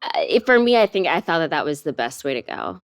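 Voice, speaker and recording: A young woman guest in an interview, speaking candidly in a soft, halting way with many fillers. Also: low voice, sing-song, smooth. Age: young adult.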